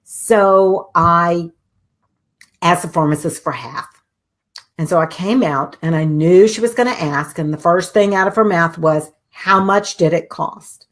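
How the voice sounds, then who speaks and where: A middle-aged woman hosting a talk show, telling a personal story in an animated way and acting out the voices of the people in it. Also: on the low side, unhurried. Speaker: host.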